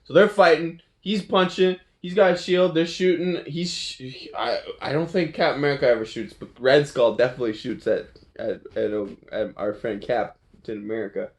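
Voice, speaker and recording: A man's voice: medium pitch, steady tone, moderate pace. A man retelling a film in a loose, playful ramble, his voice in an everyday middle register. He laughs often and trips over his words, correcting himself as he goes. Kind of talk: casual movie recap.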